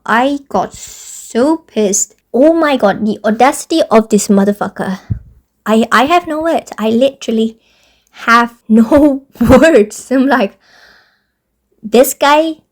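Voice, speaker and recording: A young woman telling a storytime vlog as an exasperated, profane rant, talking fast and animated. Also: medium pitch. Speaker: vlogger.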